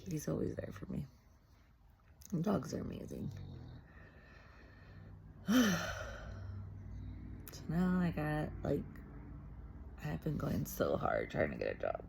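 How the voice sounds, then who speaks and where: A woman's voice: low-pitched, wildly swooping pitch, slow, gravelly, pauses often, warm tone, slight background noise. A woman talking in a casual, confessional vlog, rambling candidly with lots of "like" and "you know" and laughing easily. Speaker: faith and mental health vlogger.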